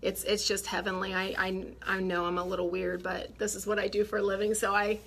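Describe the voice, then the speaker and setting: A woman's voice: mid-range voice, flat delivery, brisk, vocal fry, fairly bright tone, husky. A woman who refinishes furniture, chatting casually and enthusiastically to viewers through a phone camera while she paints, a little out of breath. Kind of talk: casual how-to painting demonstration.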